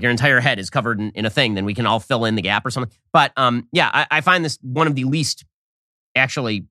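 Fast-talking guy doing his commentary show, snarky, tense bright voice, tripping over restarts. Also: mid-range voice, no room sound, clean studio sound. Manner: rapid, sardonic, many quick restarts. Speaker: political commentary host. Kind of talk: fast opinion monologue.

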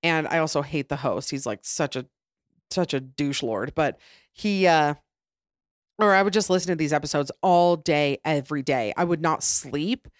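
A woman's voice: low-pitched, normal speed, no room sound, studio quality. A young adult woman hosting her own podcast, talking in a chatty, rambling way with lots of "like" and restarts. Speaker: podcast host. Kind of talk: casual solo podcast chat.

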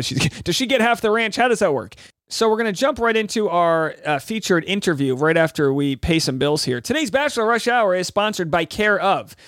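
A man's voice: a little high, no echo, studio quality. Upbeat chatty man hosting a podcast. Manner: chatty, joking, upbeat, repeats lines aloud. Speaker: podcast host. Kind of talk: casual chat.

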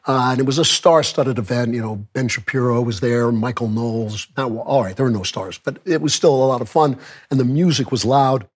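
A man hosting his commentary show with a hoarse, worn voice from a cold, talking conversationally with chuckles and joking asides. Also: mid-range voice, fairly quick. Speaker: podcast host. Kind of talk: opinion commentary monologue.

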